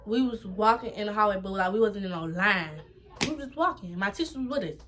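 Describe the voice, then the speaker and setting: Bright-voiced young woman telling a story. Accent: New York. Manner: animated, chatty, slangy retelling with repeated "boom". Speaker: vlogger. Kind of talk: casual storytime.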